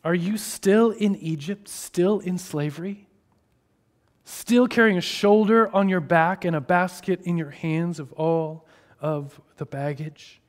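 High-voiced preacher with dramatic delivery. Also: male voice, takes it slowly. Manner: expressive, shifting between hushed and raised delivery. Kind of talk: sermon.

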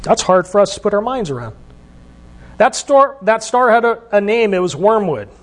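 A man with a high voice preaches a sermon. He keeps it conversational and asks his listeners questions as he goes. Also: big pitch swings, normal speed, fairly bright tone. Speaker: pastor.

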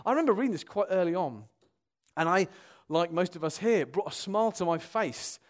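Preaching to a congregation, this young man is earnest and lively, his delivery climbing to loud outbursts and then settling into hushed, grave moments. He has a high voice and speaks fairly quickly.

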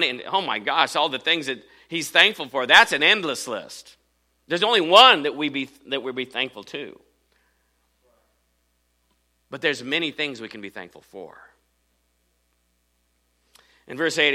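A man's voice: mid-range voice, expressive, measured pace, long pauses, pushed and bright. A man preaching a sermon, earnest and repeating phrases for emphasis. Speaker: pastor.

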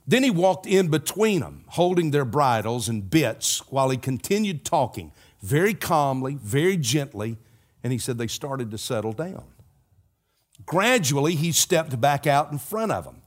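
A man preaching a sermon, telling a story and slowing down, dropping to a hush for the key lines. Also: a little high. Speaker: pastor.

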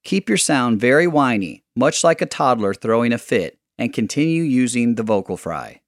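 A man calmly narrating vocal exercises as a coach, giving clear step-by-step directions. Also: mid-range voice, normal speed. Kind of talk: instructional narration.

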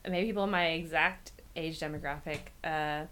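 A woman's voice: low-pitched, steady tone, moderate pace, fairly bright tone, clear, resonant tone. A woman in her thirties from Seattle, co-hosting a podcast in casual, chatty talk full of fillers. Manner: chatty, lots of fillers and laughs. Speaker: podcast co-host. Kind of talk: casual chat.

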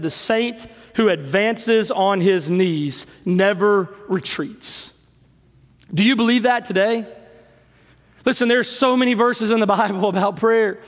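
A man's voice: high-pitched, a bit bright. A man preaching a sermon as pastor to his congregation, with passionate rising and falling emphasis. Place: church sanctuary with congregation. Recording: long hall reverb with faint music.

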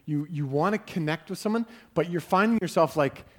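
A man's voice: on the high side, fairly quick, few pauses. A man preaching a sermon in a conversational way, often repeating words as he starts a sentence. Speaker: pastor.

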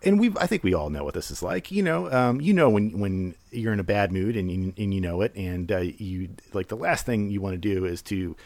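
A man's voice: fairly low pitch, expressive, brisk, hardly any pauses, a little mellow, no echo. Rambling man hosting a podcast. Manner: rambling, many fillers and restarts. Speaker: podcast host. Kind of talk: casual solo commentary.

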